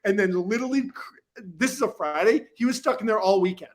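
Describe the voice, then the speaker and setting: A man's voice: high voice, fairly quick. A man guesting on a podcast, telling casual, rambling stories full of "like" and "you know, right?". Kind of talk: casual storytelling. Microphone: podcast microphone.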